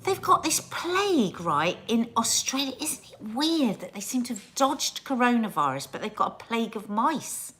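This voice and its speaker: A woman's voice: fairly high pitch, sing-song, normal speed, hardly any pauses, fairly bright tone. Chatty woman hosting a stream. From England. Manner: chatty, sing-song greetings to viewers. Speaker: host of a live stream. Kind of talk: casual live-stream chat.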